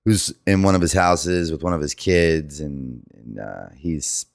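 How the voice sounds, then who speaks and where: A man co-hosting a podcast, talking in a halting, reflective, frank way. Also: rumbling low, creaky, no echo, clean studio sound. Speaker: podcast co-host. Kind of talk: casual chat.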